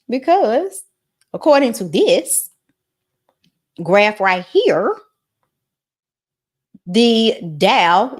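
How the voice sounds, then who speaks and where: She's a channel host and mortgage commentator whose pitch bounces as she chats casually about money and the economy straight to camera. Folksy and animated, she imitates others by quoting them in high voices.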